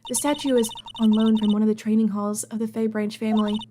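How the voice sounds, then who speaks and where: A woman voicing a composed, earnest young woman exhibition manager in a video game read-through, measured and formal. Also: on the high side, little pitch movement, background noise, natural voice.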